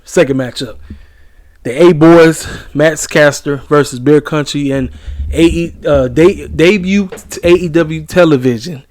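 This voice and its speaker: Man ranting bluntly, slightly high voice. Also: unhurried, a little mellow, no echo. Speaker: wrestling show reviewer. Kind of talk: casual rant review.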